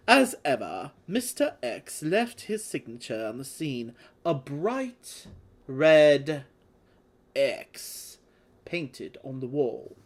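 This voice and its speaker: A woman's voice: low-pitched, a little mellow, exaggerated voice. A woman voicing a dramatic Victorian newspaper crier in a put-on British accent. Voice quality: theatrical, exaggerated. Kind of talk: dramatic reading.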